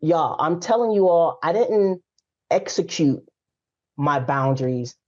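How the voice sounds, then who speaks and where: Lively woman in her forties, lo-fi sound. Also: low voice, unhurried. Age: 40s. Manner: lively storytelling, frank and emphatic. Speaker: guest coach. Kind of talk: casual podcast conversation. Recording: slightly dull lo-fi audio.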